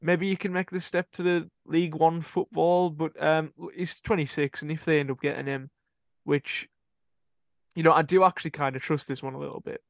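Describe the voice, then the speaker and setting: A man's voice: fairly high pitch, steady tone, moderate pace, no room sound, studio quality. A man co-hosting a casual football podcast, reading out transfer rumours and correcting his own slips. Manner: rambling, self-correcting, laughing at own slips.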